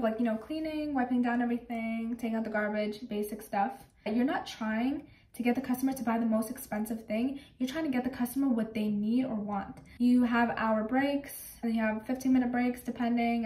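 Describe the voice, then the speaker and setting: A young woman telling stories from her old job in a casual, animated and exasperated way. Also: fairly high pitch. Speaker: vlogger. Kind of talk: casual storytelling. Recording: echoey room, mic at a distance.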